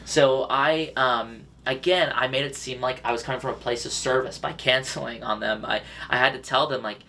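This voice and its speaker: A man co-hosting a podcast, telling quick, animated anecdotes in casual chat. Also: medium pitch, gravelly, a little hiss or hum. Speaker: podcast co-host.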